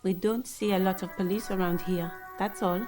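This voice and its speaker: A woman's voice: mid-range voice, fairly even intonation, normal speed, lightly acted. An actress voicing a polite woman dispatcher who gives directions in a matter-of-fact way. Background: game music.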